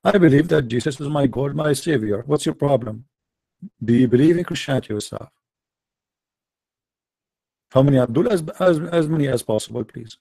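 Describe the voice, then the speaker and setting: Man, taunting debate host, dark mellow tone, dry close sound. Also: mid-range voice, normal speed, gravelly, long pauses, slightly rough, dry recording. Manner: mocking, taunting, repetitive rhetorical questions. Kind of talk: confrontational live-stream debate.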